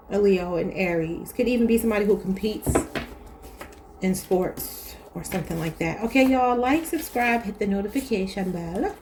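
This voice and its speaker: A woman's voice: medium pitch, background noise. A woman with a Baltimore accent, giving a casual, chatty tarot reading and talking straight to her viewers. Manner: chatty, addresses viewers as y'all. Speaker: tarot reader.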